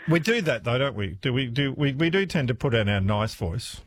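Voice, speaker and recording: A man hosts a talkback radio phone-in from the studio. His voice is a little husky and swings lively up and down in pitch as he chats with callers and laughs along. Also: a little fast, no room sound. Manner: lively, chatty, laughs easily. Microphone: studio microphone.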